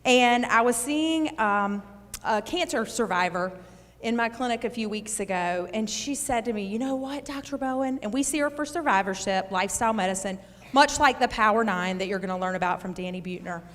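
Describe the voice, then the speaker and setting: A woman's voice: medium pitch, expressive, brisk, fairly bright tone. Eastern north carolina woman speaking in a hall. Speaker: physician introducing a keynote. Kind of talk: public speech to a live audience. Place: large hall. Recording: reverberant hall.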